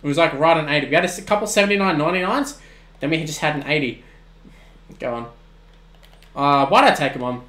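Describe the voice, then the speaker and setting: A young man, commentating his own video game on a live stream in excitable bursts, often shouting. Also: a little high, quick pace, long pauses, echoey room. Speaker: gaming streamer.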